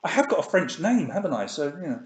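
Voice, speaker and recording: Male quiz host, chatty and upbeat, slightly higher voice, echoey room. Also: sing-song, fast. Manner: chatty, reads questions and options twice. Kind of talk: live online quiz hosting.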